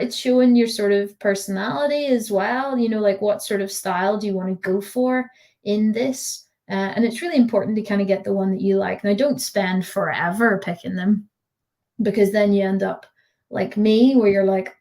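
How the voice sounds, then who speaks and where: A woman's voice: medium pitch, darkish tone. A woman tutor giving a live online design tutorial over a video call, chatty and giggly with lots of fillers.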